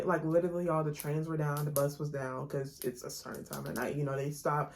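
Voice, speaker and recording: A young woman vlogger telling a storytime in a chatty, slangy, animated way to her viewers. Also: sits low, fairly quick, hardly any pauses. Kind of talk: casual storytime chat.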